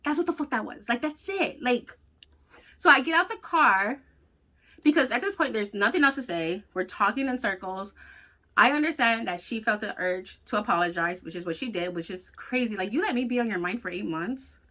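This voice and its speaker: A woman vlogger telling a personal story in a blunt, profane, animated way. She has children. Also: a little high, normal speed. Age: adult with children. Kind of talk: casual storytelling vlog.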